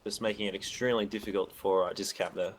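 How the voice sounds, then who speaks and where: A man calling an esports match play by play in a steady, measured way. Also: deep voice, slight background noise. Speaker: esports caster. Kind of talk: play-by-play commentary.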